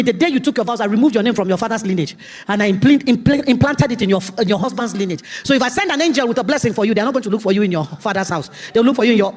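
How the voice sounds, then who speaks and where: A woman preaching a sermon testimony, emphatic, jumping from loud outbursts to hushed asides. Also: on the high side.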